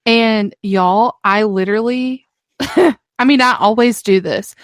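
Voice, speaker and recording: A woman's voice: on the high side, slow pace, no echo. A young woman co-hosts a podcast in loose, casual chat, taking her time over each phrase. She laughs a lot and swears without a second thought. Her voice sounds close and dry, with no room around it. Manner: laughs often, swears freely. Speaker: podcast co-host.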